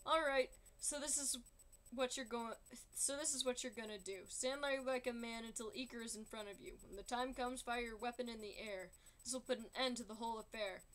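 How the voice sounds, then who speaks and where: A grave, worried father giving low, soothing counsel, as a woman sings him along with a musical. She drops below her usual pitch. The tone stays bright underneath. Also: steady tone, fairly quick, lightly acted. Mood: stern. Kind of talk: singing along while drawing.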